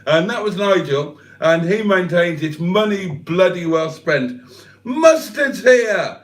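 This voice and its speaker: An older man hosts a casual livestream, reading viewers' comments aloud and trading cheeky, self-mocking jokes. His voice sits a touch higher than most men's and moves quickly through each aside. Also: echoey room. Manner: jokey, teasing, self-deprecating banter. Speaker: livestream host.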